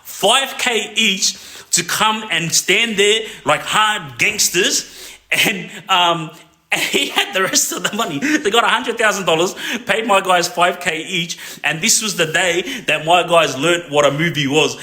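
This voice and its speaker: A man's voice: high voice, measured pace, sharp tone, roomy sound. A man telling a crime story casually, rambling and checking in with a constant "yeah?". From Australia.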